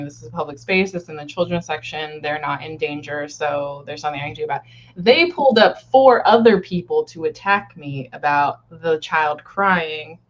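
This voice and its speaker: A woman who works at a library, telling workplace stories in a casual chat and laughing often. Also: sits low. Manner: laughing, exasperated storyteller. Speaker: library worker. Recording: dull lo-fi recording with faint hiss.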